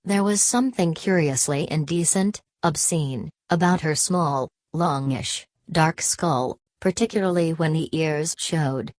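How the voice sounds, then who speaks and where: Low-voiced woman audiobook narrator. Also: darkish tone, no echo. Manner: measured, reads punctuation marks aloud. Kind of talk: scripted narration.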